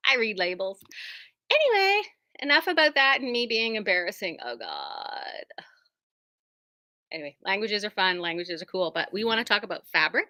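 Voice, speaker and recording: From inside her quilt shop, a woman shows off new fabrics in a chatty, rambling, self-deprecating way. Her mid-range voice is sing-song and sharp, at normal speed with frequent pauses, and there's no echo.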